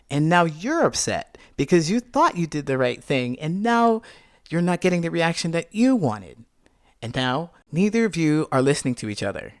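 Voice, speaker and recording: Animated male podcast host. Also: on the high side, no room sound, clean studio sound. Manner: animated, reenacts scenes with voiced quotes. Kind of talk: personal storytelling monologue.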